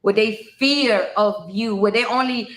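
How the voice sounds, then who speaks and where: A woman's voice: mid-range voice, unhurried, fairly bright tone, reverberant. A woman telling her own story bluntly and emotionally, swearing freely and talking straight to her listeners.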